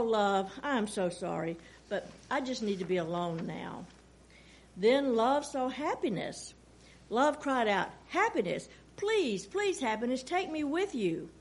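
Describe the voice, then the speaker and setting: A woman reading a fable aloud at home, gently, with soft voices for the characters. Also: mid-range voice, slightly rough. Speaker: storyteller.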